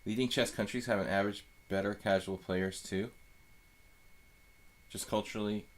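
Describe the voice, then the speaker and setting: A man's voice: on the low side, steady tone, moderate pace. A man giving live chess commentary as a streamer, thinking aloud in a loose, rambling way full of fillers and restarts.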